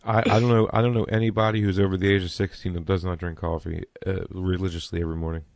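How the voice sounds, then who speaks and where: A deep-voiced American man hosts a podcast in loose, casual chat. He talks fast, stumbles over his own restarts and swears freely. The sound is dry and close, with no room around it. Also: flat delivery, a little mellow, no room sound. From United States. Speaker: podcast host.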